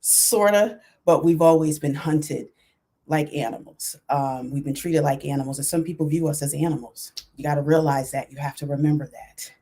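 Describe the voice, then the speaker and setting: Speaking into a computer microphone, a woman chats directly with her livestream viewers in a casual way, often filling gaps and starting over. She has a low, dark voice at a normal speed, with a little hiss or hum audible.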